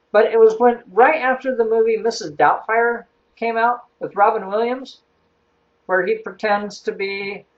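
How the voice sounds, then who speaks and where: A man's voice: high voice, muffled recording. Wry, chuckling male storyteller. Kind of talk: casual spoken storytelling.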